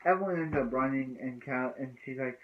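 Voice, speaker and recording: A man's voice: medium pitch, a little fast. A man casually recapping a TV episode in a rambling way, restarting often and filling gaps with "so yeah" and "so anyway.". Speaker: TV episode reviewer. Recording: tinny phone-like lo-fi sound.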